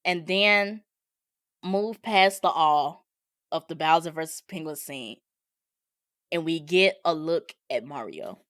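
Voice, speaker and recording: A woman's voice: low voice, lively intonation, takes it slowly, long pauses, a bit bright, no echo, studio quality. A woman co-hosting a podcast, chatting casually about movie trailers, laughing often and filling her talk with "like". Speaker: podcast co-host.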